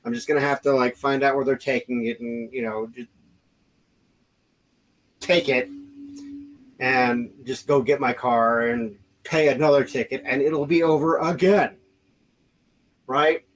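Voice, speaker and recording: A man's voice: mid-range voice, steady tone, unhurried, pauses often, slight background noise, poor audio. A man hosting a podcast, telling a story casually with lots of restarts and fillers. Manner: rambling, many restarts and fillers, acts out quoted voices. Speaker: podcast host.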